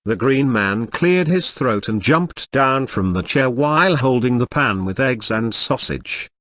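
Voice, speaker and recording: Brief: male audiobook reader, animated melodic delivery, dry close sound. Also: mid-range voice, measured pace, few pauses, dry recording. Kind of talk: first-person novel narration.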